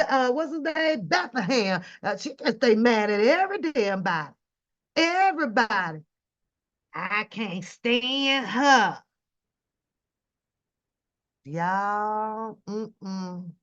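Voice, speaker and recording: A woman hosting a reaction livestream, talking in a drawling, profane, mocking way. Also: a little high. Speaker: reaction channel host. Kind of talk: casual livestream commentary. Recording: dull lo-fi home stream audio.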